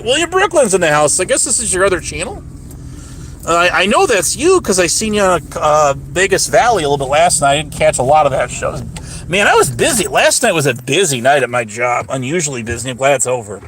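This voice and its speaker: A man rants from the driver's seat during a livestream, swearing freely and picking fights with viewers as he rambles. His voice sits a little high and rises and falls sharply. Steady car and road noise fills the background. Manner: profane, combative, rambling. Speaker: livestream host. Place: car, driving home. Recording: noisy car cabin.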